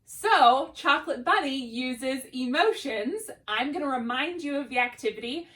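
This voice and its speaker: A woman's voice: high voice, lively intonation, moderate pace, fairly bright tone. A young adult woman teaching a drama lesson to children, enthusiastic and encouraging. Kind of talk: upbeat classroom lesson.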